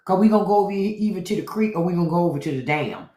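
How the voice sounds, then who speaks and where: A man voicing an excited Southern cousin with a North Carolina accent, chattering high and fast as he invites family down. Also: echoey room.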